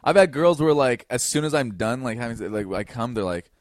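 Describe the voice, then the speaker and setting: A man's voice: mid-range voice, brisk, hardly any pauses, no echo, studio quality. A man in his thirties, a comedian, telling stories on a podcast and acting out the quotes with animation. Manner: animated storytelling, acts out quotes. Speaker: comedian guest. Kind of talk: casual podcast chat.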